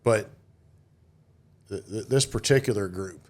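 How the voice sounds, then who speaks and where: A man's voice: lowish voice, a little slow. A middle-aged man, a retired military officer, telling rambling anecdotes and quoting others in a casual interview. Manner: rambling anecdotes with quoted voices. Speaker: guest, retired Marine officer.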